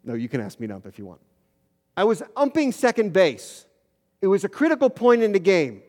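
Pastor preaching, long hall reverb. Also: male voice, sits high, wildly swooping pitch, a little fast. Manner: storytelling, rising loud for emphasis. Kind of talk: sermon. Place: church sanctuary.

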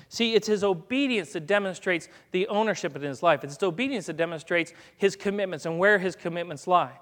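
Speaking briskly with few pauses, a man with a high, fairly bright voice gives a conversational sermon as a guest preacher. A long reverb fills the church sanctuary while he folksily issues commands to a dog during his live demonstration.

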